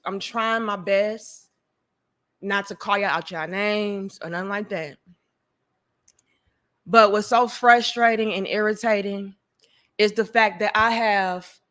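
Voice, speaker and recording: A woman's voice: mid-range voice, fairly bright tone. A woman venting to her viewers, blunt, profane and openly emotional, talking to them directly. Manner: addresses viewers directly as "y'all". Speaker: vlogger. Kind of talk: venting to the camera.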